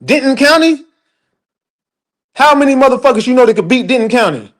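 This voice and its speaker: A high-pitched man, mid-rant on a livestream. He talks in a heated, profane, emphatic way and answers his chat directly. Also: lively intonation, fairly quick, a bit bright. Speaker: livestream commentator.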